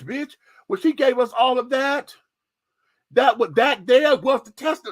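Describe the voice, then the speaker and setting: A man's voice: sits high, lively intonation, normal speed, fairly bright tone, no echo. A man hosting a radio show, giving a candid, profane, sassy opinion monologue with lots of emphasis.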